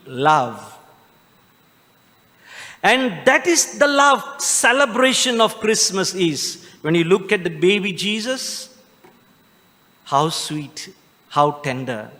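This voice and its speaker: A man with a Malaysian English accent, a Catholic priest giving a homely, joking Christmas homily with drawn-out emphatic phrases. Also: high voice, a bit bright. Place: large church. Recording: long church reverb.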